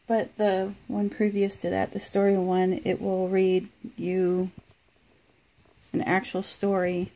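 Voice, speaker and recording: A woman's voice: mid-range voice, monotone, slow, mellow. A woman casually reviewing a smart speaker at home, chatty, laughing and talking back to the device. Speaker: product reviewer.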